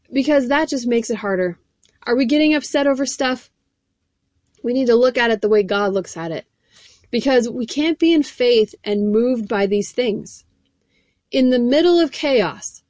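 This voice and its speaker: A woman's voice: fairly high pitch, darkish tone, no room sound. A woman preaching a sermon, reading scripture and speaking earnestly and emphatically straight to her listeners.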